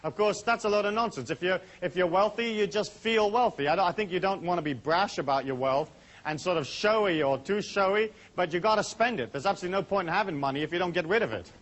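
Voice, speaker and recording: A middle-aged man leading a seminar in front of a small audience, chatty and brisk, full of asides. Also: sits high, animated, fairly bright tone. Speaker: seminar speaker. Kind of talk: talk to a live audience.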